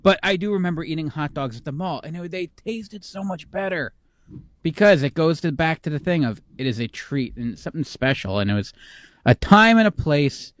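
A man's voice: on the high side, animated, moderate pace, no room sound. Rambling, nostalgic man on a dry mic. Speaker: podcast co-host. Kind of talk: casual chat.

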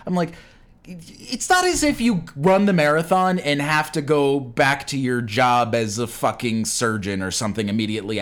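A man's voice: a little high, fairly bright tone. A man ranting profanely in casual chat as a podcast co-host.

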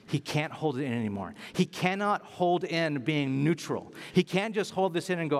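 A man's voice: fairly high pitch, lively intonation, normal speed, few pauses, big-room sound. A man giving a sermon as a preacher, talking in an emphatic, conversational way and driving points home by repeating them.

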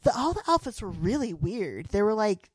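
A woman podcast co-host talks in a chatty, reactive way, leaning on "like" as she goes. Her pitch swings widely and sounds animated. The sound is close and dry. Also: normal speed, husky, dry recording. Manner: chatty, says "like" a lot, expressive reactions. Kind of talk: casual chat.

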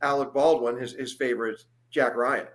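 A man hosting a casual podcast panel over a video call, animated and loose, dropping the odd mild swear. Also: medium pitch, normal speed. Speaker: podcast host. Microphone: video call mic.

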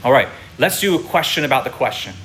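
A man's voice: mid-range voice, lively intonation, fast, a bit bright, a little hiss or hum. A man preaching to his congregation, explaining patiently and checking in with his listeners. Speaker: pastor teaching a congregation. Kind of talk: sermon. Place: congregation room.

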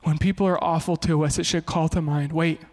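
Male pastor, high-pitched, lively preacher, big echoing hall. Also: brisk. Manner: animated, shifts into quoted voices. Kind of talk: sermon.

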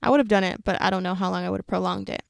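A woman's voice: medium pitch, steady tone, creaky, no echo. A young adult woman telling a personal faith story in an earnest, reflective way, close to the mic. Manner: earnest and reflective, with quick runs of words. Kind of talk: personal faith testimony, casual.

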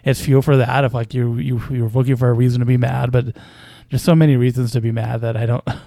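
A man's voice: mid-range voice, level tone, fast talker, creaky, dark tone, no echo. A man casually commenting on basketball news as a podcast host, with a hesitant, wry delivery full of fillers and small chuckles.

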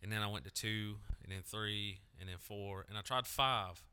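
Crude, bright-voiced man telling stories. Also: fairly low pitch, fairly even intonation, moderate pace, smooth. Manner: swears constantly, tells stories in funny voices. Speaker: podcast co-host. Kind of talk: crude casual chat.

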